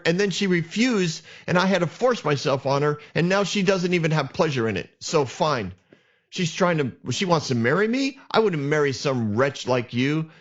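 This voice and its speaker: A man's voice: fairly high pitch, lo-fi sound, close to an everyday voice. A man doing a petulant, cruel young prince. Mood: contemptuous. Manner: petulant, blaming, rambling. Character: arrogant, self-pitying young prince, cruel and entitled.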